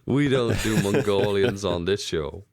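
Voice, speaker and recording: A man's voice: on the low side, a little slow, a little mellow, dry recording, clean studio sound. A young man co-hosting a podcast, rambling and joking crudely in casual banter. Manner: rambling, crude and jokey, many restarts. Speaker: podcast co-host.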